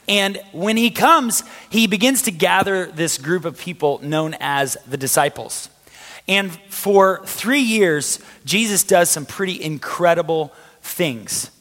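A man preaching a conversational sermon to a live congregation, with energetic restarts and a voice going hoarse. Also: high voice. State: losing his voice. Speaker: pastor. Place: church hall with a live audience. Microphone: handheld or stage mic. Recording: long hall reverb.

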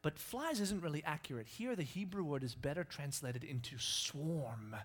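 A man preaching a sermon, animated and playful, acting out scenes with sudden yelps. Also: a little high, moderate pace. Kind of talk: sermon with lively storytelling.

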